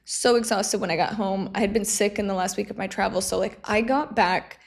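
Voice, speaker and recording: A woman's voice: medium pitch, a little fast, vocal fry. A young woman chatting casually to camera, rambling and self-deprecating, often breaking into laughter. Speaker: vlogger.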